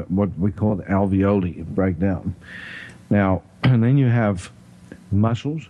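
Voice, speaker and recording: A man with a South African accent explaining health topics in casual chat, pausing often with "you know" and clearing his throat. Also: fairly low pitch, mellow, muffled recording. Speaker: health talk host.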